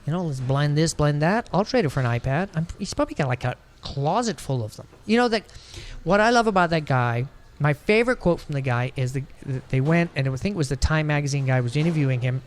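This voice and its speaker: A man co-hosts a casual podcast, wandering from joke to joke. His voice sits a little high for a man, and his delivery is loose, animated and full of asides. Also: quick pace. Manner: joking, rambling, animated. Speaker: podcast co-host. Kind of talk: casual chat.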